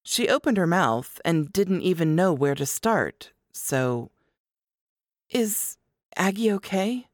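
A woman narrating an audiobook in a measured, expressive storytelling manner. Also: deep voice, dry recording, clean studio sound.

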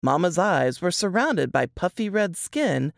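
A woman with a low voice reads her own story, lingering over each phrase. Her delivery is expressive, with lively swings of pitch, and the recording is close and dry. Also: measured pace, gravelly, no room sound. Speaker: author reading her story. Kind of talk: dramatic fiction reading.

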